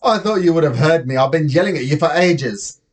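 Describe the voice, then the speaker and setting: A man's voice: a little high, lively intonation, a little fast, pitched above the performer's own voice, lightly acted. Man reading as a pushy nosy schoolkid from a kids book, keeps pestering. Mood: pestering, suspicious.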